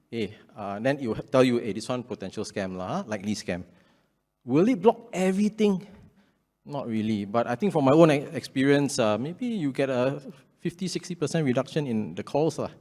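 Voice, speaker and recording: A man's voice: mid-range voice, a little mellow. A man with a Singaporean English accent, explaining practical steps to an audience on a panel in a plain, conversational way. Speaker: public education official. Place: event hall with audience. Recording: echoey hall.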